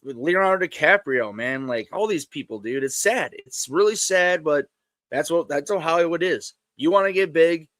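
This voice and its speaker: A man's voice: on the high side, moderate pace, fairly bright tone, no room sound, clean studio sound. A man co-hosting a live sports talk show, speaking emphatically in casual chat and calling others dude and bro.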